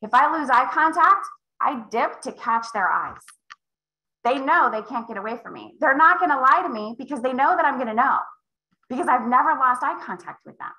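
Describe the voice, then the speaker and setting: A woman's voice: expressive, moderate pace, pushed and bright, reverberant, poor audio. Emphatic woman coaching on a call. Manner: emphatic, role-plays client dialogue with big pitch jumps. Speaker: real estate sales coach.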